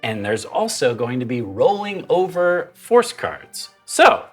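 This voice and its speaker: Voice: mid-range voice, sing-song, takes it slowly, faint music behind. A host giving casual show announcements in a jokey way, drifting off script as they explain how viewers can interact.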